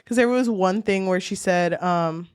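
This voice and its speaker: A woman's voice: on the low side, unhurried, clean tone. Laughing young woman podcast co-host. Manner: laughing, swearing, animated retelling. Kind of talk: casual book chat.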